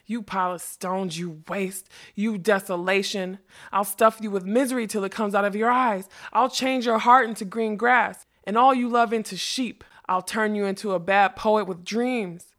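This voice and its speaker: A woman's voice: fairly low pitch, steady tone, moderate pace, a bit bright. A woman voicing a weary, self-doubting male magician who speaks in a rueful, heavy-hearted way. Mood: furious.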